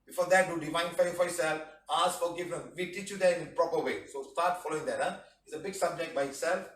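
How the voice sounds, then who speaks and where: A man's voice: fairly high pitch, fast, a bit bright. A man with giving a spiritual healing lecture, chatty, often acting out quoted voices and asking rhetorical questions. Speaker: healing teacher. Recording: echoey room, mic at a distance.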